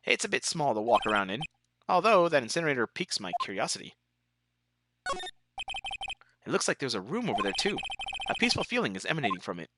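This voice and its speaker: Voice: medium pitch, very animated, very fast, background noise. A let's player casually reading the game's text aloud, with joking asides. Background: game music.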